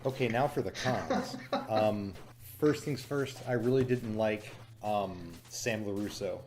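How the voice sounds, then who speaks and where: A man casually reviewing a show, chatty and cynical, with frequent fillers, breaking into quick impressions of lines he quotes. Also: lowish voice, background noise.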